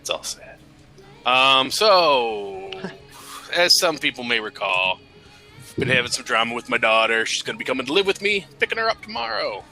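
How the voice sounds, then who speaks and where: A man co-hosting a radio talk show, chatting casually and joking deadpan. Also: medium pitch, normal speed, faint music behind. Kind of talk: casual chat.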